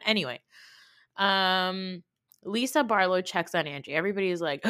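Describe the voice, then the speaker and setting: A young woman talks through a reality-show recap with blunt opinions and mocking asides. Her voice sits a little low for a woman and sounds close and dry, with no room around it. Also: normal speed, a bit bright, clean tone, dry recording. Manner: opinionated, blunt, swears freely; mocking imitations of people. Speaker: podcast host. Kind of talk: casual recap commentary.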